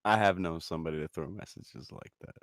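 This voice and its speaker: A man's voice: sits low, fairly quick, no room sound, studio quality. A man co-hosting a podcast in casual chat, laid-back, reacting with laughs and questions. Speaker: podcast co-host.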